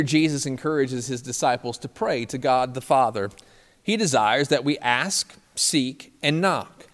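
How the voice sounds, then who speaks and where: A pastor preaching a sermon, with lively delivery and slow, emphatic phrases. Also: male voice, on the high side, long reverb tail.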